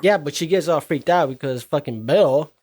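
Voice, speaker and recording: A man's voice: fairly high pitch, lively intonation, moderate pace, darkish tone. A man co-hosting a podcast, adding profane, laid-back banter. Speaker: podcast co-host. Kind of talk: casual movie recap chat.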